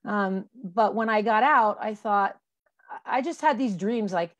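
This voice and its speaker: A woman's voice: medium pitch, a little slow. A woman in her forties, a guest reflecting candidly on her life, with many fillers and restarts. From Colorado, USA. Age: 40s. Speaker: interview guest. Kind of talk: candid personal conversation.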